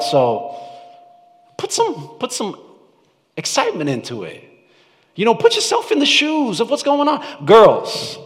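Animated preacher man in a reverberant hall. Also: high-pitched. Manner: animated, shifts from loud mock-shouting to hushed earnestness; conversational, asks the congregation questions. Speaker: pastor. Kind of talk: sermon. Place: church sanctuary.

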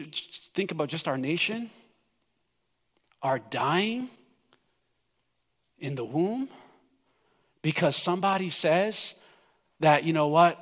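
High-pitched pastor preaching hard, loud then hushed, big echoey church hall. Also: male voice. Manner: impassioned, swings from loud pleading to hushed. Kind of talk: sermon.

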